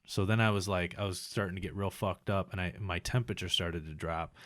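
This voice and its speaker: Low-voiced man, profane rambling storyteller. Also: a little fast, dry recording, clean studio sound. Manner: profane, rambling, animated retelling. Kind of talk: casual chat, storytelling.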